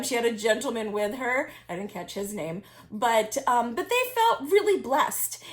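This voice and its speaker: A woman reselling vintage finds tells a story in casual chat, laughing often and restarting her sentences. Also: a little high. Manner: chatty, laughs often, many fillers and restarts.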